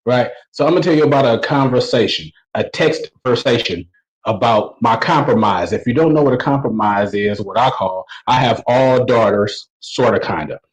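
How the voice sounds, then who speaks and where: A man's voice: mid-range voice, normal speed, rough recording. A man in his forties doing a stand-up routine over a video call, telling a story in a loose, conversational way full of slang. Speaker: stand-up comedian.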